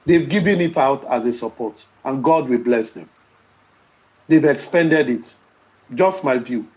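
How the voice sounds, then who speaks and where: A man's voice: medium pitch, muffled recording. A man with a Nigerian accent in casual podcast talk, preaching and telling stories with rhetorical questions.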